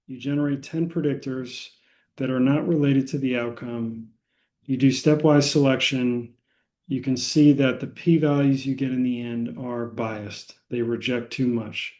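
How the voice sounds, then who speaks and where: An American man teaching a statistics lecture, explaining unhurriedly with many pauses and filler words. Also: mid-range voice, mellow. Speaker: statistics instructor.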